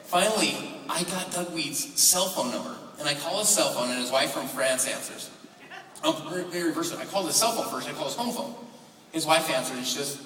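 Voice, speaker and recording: A man's voice: fairly high pitch, expressive, quick pace, a crowd in the background. A man in his twenties giving a motivational talk at a convention, telling stories animatedly and acting out phone calls. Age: 20s. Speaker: convention speaker. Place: large convention hall. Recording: echoey hall recording from far off.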